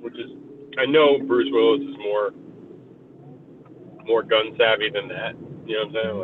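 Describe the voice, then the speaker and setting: A man's voice: lowish voice, fairly even intonation, unhurried. A man talks in a loose, rambling way and swears often, like a casual group chat among friends. His voice comes through a narrow, phone-like line. A faint hiss sits underneath. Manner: rambling, profane, laid-back. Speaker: podcast co-host.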